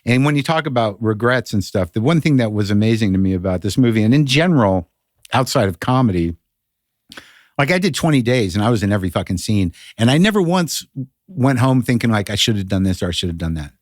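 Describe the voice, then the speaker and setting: A middle-aged male comedian telling an animated, profane story in casual chat, with many stammering restarts. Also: fairly low pitch, fast, no room sound, studio quality. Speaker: guest comedian.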